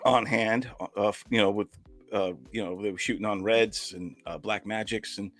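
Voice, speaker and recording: A man's voice: on the low side, fairly even intonation, moderate pace, fairly bright tone, soft background music. A man, a filmmaker and comedian, telling a rambling anecdotal story in casual chat over a video call.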